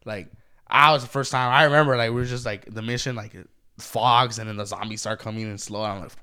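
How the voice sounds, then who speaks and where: A man's voice: medium pitch, steady tone, fairly quick, pushed and bright, smooth. A man with a cold, rambling through stories in a casual podcast chat, swearing freely and laughing often. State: congested from a cold. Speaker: podcast co-host.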